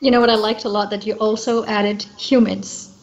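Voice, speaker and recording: A woman co-hosting a casual chat show, gushing with excited exclamations. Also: medium pitch, normal speed, highs cut off. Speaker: guest co-host.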